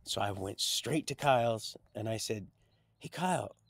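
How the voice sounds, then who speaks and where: A man's voice: fairly low pitch, normal speed, no echo. A man telling a rambling personal story on a livestream, often repeating and restarting his words.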